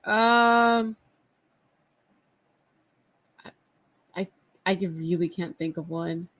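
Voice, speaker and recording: A woman's voice: lowish voice, extremely slow, a bit bright, no room sound. A woman co-hosting a podcast in casual chat, blunt and casually swearing. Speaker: podcast co-host.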